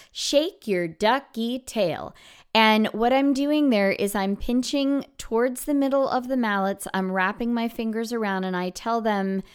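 A woman music teacher hosting an instructional podcast, explaining classroom activities step by step and swooping her voice high and low to demonstrate. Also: clear, resonant tone.

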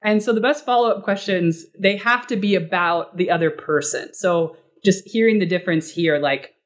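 A woman speaking as a guest expert in a podcast interview, casual and animated, often acting out short quoted exchanges. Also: fairly low pitch, normal speed. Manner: animated, acts out client dialogue in quoted voices; casual, uses fillers like "like" and "you know".

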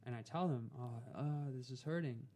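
A young man telling a personal story as a podcast guest, calm and unhurried. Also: medium pitch, slight background noise.

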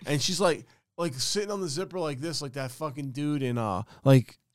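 Clear and resonant, this young man's voice sits on the high side at a normal pace. As a podcast co-host in casual conversation, he rambles through a story full of swearing and lively impressions, in clean studio sound without echo.

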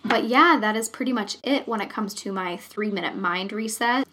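A young woman hosts a solo podcast, speaking earnestly and chattily with plenty of casual fillers like "you know." Her mid-range voice is a bit bright, and she keeps a moderate pace.

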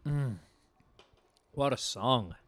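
A man's voice: mid-range voice, lively intonation, drawn-out words, fairly bright tone, no echo. Dry-voiced man joking through a movie. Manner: wry, joking asides. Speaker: movie commentator. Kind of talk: casual movie commentary chat.

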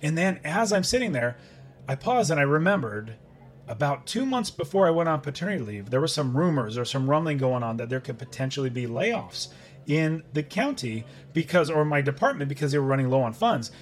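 A man's voice: on the high side, sing-song, brisk, soft background music. A middle-aged man, a podcast guest, telling a personal story in conversation and acting out his own past thoughts.

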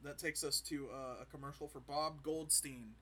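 A man casually recapping a show, retelling scenes with quick quoted voices and laughs. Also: fairly high pitch, steady tone, sharp tone, a little hiss or hum. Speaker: podcast co-host recapping an episode. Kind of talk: casual chat.

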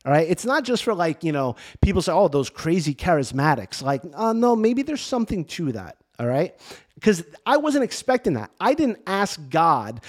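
A middle-aged man, a priest, telling a personal faith story in casual, animated talk with many restarts and fillers. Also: high voice, normal speed. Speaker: priest and podcast host. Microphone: camera and mic for video podcast.

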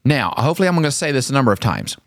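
A man's voice: medium pitch, sing-song, rapid-fire, no echo. Man, podcast co-host, earnest and upbeat, mid-range voice, dry close sound. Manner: earnest and enthusiastic, frequent fillers. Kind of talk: casual Christian podcast talk.

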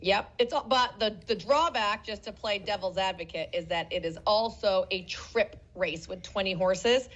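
A woman co-hosting a casual podcast, talking briskly and informatively. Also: mid-range voice, a bit bright, muffled recording. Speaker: podcast co-host. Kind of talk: casual chat.

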